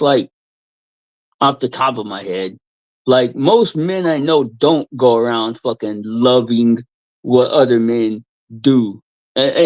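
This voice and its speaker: A man's voice: mid-range voice, a little mellow, no echo. A man ranting at someone in a heated chat, swearing heavily and mocking him. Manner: profane, ranting, mocking with put-on voices. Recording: dry, dull lo-fi sound.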